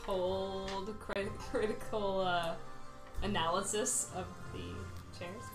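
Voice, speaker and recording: A woman's voice: medium pitch, fairly even intonation, slow, echoey room, music in the background, poor audio. A woman at a tabletop game, asking pointed questions. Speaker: player. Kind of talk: in-character tabletop play.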